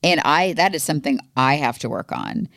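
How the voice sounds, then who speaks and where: Low-voiced woman, earnest and heartfelt. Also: sing-song, fairly quick, gravelly, a bit bright, no echo, clean studio sound. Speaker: podcast co-host. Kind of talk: candid conversation with her husband.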